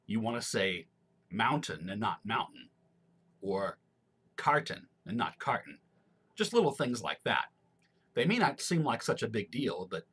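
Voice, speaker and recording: A man from Missouri, a former radio announcer, talking casually through an accent tag in measured, clear announcer diction with a broadcast accent. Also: medium pitch, a bit bright. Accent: General American broadcast, Missouri roots. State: allergies, throat clearing.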